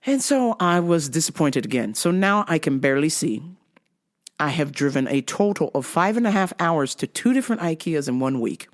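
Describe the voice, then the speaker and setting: Brief: exasperated, profane woman telling a comic story, very animated pitch. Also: normal speed. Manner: profane, exasperated, laughing at herself. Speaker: podcast host. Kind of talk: comedic storytelling.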